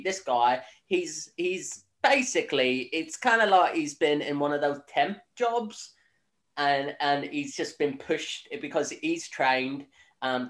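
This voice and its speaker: A man's voice: on the high side, a bit bright. A young Northern Irish man recapping a film in casual chat, rambling with lots of fillers, swearing and laughing. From Northern Ireland. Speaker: podcast host. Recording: echoey room.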